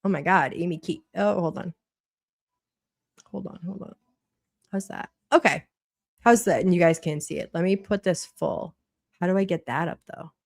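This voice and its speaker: A woman's voice: fairly low pitch, moderate pace, gravelly, long pauses, no room sound, studio quality. A woman with a Boston accent hosting a casual livestream, chatty and blunt, swearing freely while she reads a court document aloud. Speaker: livestream host.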